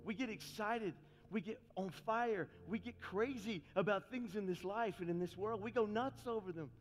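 A man preaching a sermon as pastor, talking fast and frankly, then building into impassioned, fiery calls to his congregation. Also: sits high. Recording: long reverb with faint music.

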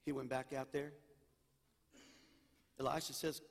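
A senior pastor preaching a sermon, moving from loud pleading to quiet storytelling. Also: male voice, a little high, a little slow, creaky, long pauses, breathy edge. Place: church sanctuary. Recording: long church reverb.

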